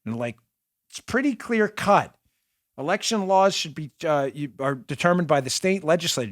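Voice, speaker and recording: A man's voice: mid-range voice, a bit bright, no echo, clean studio sound. A man hosting a political talk show, giving emphatic, sarcastic commentary and urging listeners to act.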